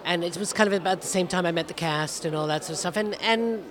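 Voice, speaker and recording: A woman's voice: on the low side, fast, crowd noise. A woman, an author guest, answering interview questions in a wry, self-deprecating way with small chuckles.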